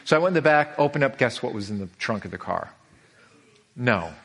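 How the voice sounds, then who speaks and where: A man's voice: mid-range voice, brisk, gravelly. A middle-aged man preaching a sermon as a pastor, telling stories with lots of animation, repeating himself and restarting lines. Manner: animated storytelling, frequent repetitions and restarts.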